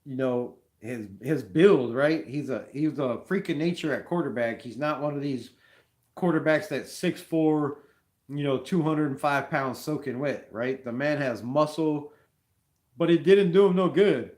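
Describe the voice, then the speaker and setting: A man hosting a casual live sports talk stream, rambling and animated, peppering his talk with slang. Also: fairly high pitch, a little slow. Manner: rambling, animated, says "bro" a lot. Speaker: fan show host.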